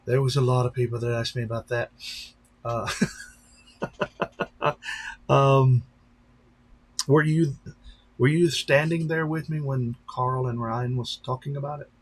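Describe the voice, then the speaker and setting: A man's voice: mid-range voice, fairly even intonation, a little slow, pauses often, husky. A man, a pastor, chatting casually on a live stream, rambling and talking straight to his viewers. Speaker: pastor and drone-racing streamer.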